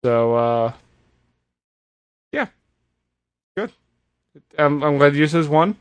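Sarcastic man recapping with a slightly high voice. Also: slow pace, smooth. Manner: animated, sarcastic retelling with put-on voices. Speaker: podcast host. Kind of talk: casual wrestling recap chat.

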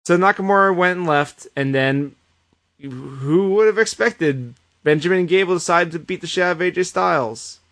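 A man co-hosting a podcast, giving an animated casual recap with plenty of swearing. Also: high-pitched, normal speed. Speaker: podcast co-host. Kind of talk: casual chat.

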